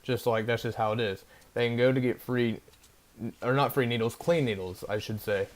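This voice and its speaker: A young vlogger speaks in a steady, mid-range voice at a moderate pace, casually wandering through a story. His talk is packed with filler words and tag questions, especially a repeated "right?".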